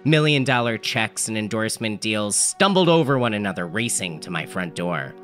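A man's voice: fairly low pitch, lively intonation, moderate pace, fairly bright tone, faint music behind. A man telling an absurd comedic story in a dry, matter-of-fact manner. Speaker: narrator.

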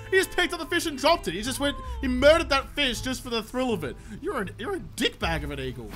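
An Australian man commentating his gameplay, excitable, joking and swearing a lot. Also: very high voice, quick pace, hardly any pauses, faint music behind. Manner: excitable, profane, jokey. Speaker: gaming YouTuber. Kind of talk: let's play commentary.

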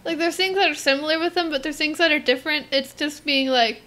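Teen girl podcast co-host, high and bright, rambling and playful. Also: fairly quick, hardly any pauses. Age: teens. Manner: teasing, giggly, rambling. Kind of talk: casual chat.

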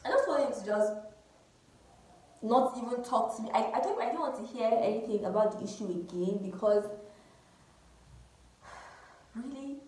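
A woman's voice: fairly high pitch, normal speed, pauses often, dark tone. A woman telling a personal story to her viewers in a chatty way, repeating words and calling them girls. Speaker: vlogger. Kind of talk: casual storytime monologue. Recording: very echoey room.

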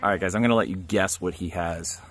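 Outdoors at a dig site, a man hosts a metal detecting vlog, narrating casually on the spot and cheering on his friends in an upbeat way. He talks fast in a low, husky voice with a fairly bright tone.

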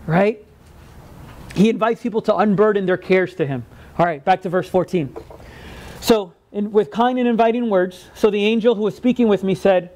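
A male pastor delivers a sermon with a strikingly high voice. He talks in a conversational way, often checking in with "right?". He acts out quoted lines in lively voices. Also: normal speed. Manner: conversational, keeps asking "right?".

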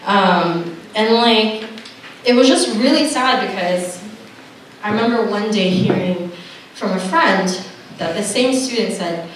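A woman's voice: medium pitch, unhurried. A young woman telling an earnest personal story at a camp gathering, acting out dialogue and laughing now and then. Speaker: camp speaker. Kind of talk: personal testimony message. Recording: echoey hall from far off, noisy.

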